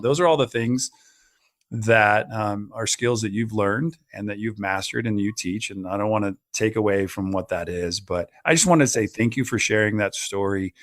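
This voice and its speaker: A man's voice: lowish voice, brisk, fairly bright tone. A middle-aged man hosting an interview, enthusiastic and encouraging, asking probing questions. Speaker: podcast host. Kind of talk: casual interview.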